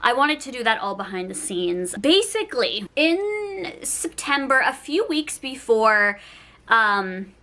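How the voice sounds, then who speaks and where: Bright-voiced, emotional woman vlogger. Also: fairly high pitch, big pitch swings, takes it slowly. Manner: emotional, rambling, says "like" a lot. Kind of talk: casual personal vlog. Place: at home.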